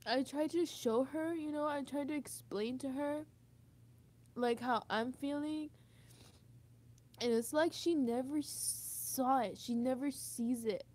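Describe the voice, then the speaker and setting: A woman's voice: high-pitched, slow, darkish tone. A young woman venting in a candid monologue, emotional and frustrated, swearing often and saying "like" a lot. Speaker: vlogger.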